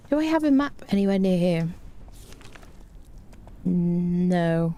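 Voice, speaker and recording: A woman's voice: lowish voice, animated, slow pace, long pauses, warm tone. A woman streaming a game live, chatting casually with her viewers and humming little tunes to herself.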